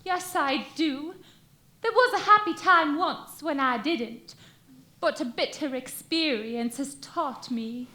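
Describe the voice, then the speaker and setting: A woman's voice: high voice, takes it slowly, bright, forceful tone, exaggerated voice. A woman playing an earnest young milkmaid torn between duty and love, acting melodramatically on stage. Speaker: stage actor. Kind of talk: amateur stage musical acting. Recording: echoey theater stage.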